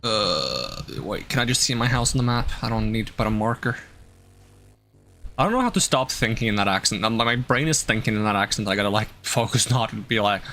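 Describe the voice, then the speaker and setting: A man's voice: lowish voice, expressive, a little fast, sharp tone, slight background noise. A man streaming a game, thinking aloud in casual, rambling chat with many fillers.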